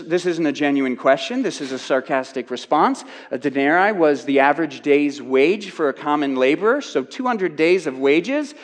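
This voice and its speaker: A man's voice: a little high, lively intonation, normal speed, hardly any pauses. Man preaching in a reverberant hall. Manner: conversational, repeats words when restarting. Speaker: Bible teacher. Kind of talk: expository sermon.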